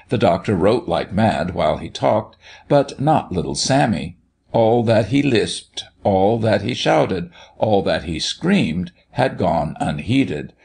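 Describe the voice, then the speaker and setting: Guy narrating an old christmas story, gravelly husky voice, lots of pitch swing. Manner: expressive, animated reading. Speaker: audiobook narrator.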